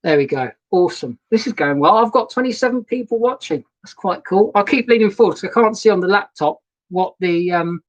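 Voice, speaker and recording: A man's voice: high-pitched, expressive, brisk, few pauses. Bloke chatting away on a live stream from his narrowboat, rambly, says hi to viewers, laptop mic sound. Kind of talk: casual live-stream chat. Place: narrowboat cabin. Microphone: laptop webcam and new microphone.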